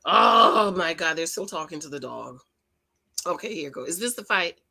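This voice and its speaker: Sassy woman with a bright, lively voice. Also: low-pitched, normal speed, vocal fry, husky. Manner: sassy, talks back to the screen. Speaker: reality TV reviewer. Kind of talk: casual reaction commentary.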